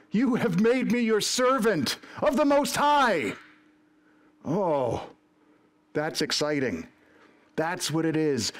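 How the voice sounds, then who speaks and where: Emphatic man preaching a sermon. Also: fairly high pitch. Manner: earnest, emphatic, breaks into acted prayers and quotes. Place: church service recorded for online stream.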